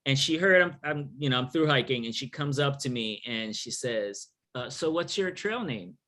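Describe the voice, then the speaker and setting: A man's voice: mid-range voice, expressive, normal speed, pushed and bright. A middle-aged man from New York City telling a story casually in a Q&A, joking and acting out the voices of people he quotes. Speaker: author and thru-hiker guest.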